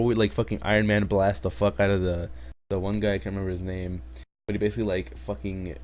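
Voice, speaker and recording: A man's voice: sits low, darkish tone. A man recapping anime episodes in a casual, rambling way, swearing often and trailing into asides. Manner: rambling, profane, full of fillers and asides. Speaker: anime reviewer.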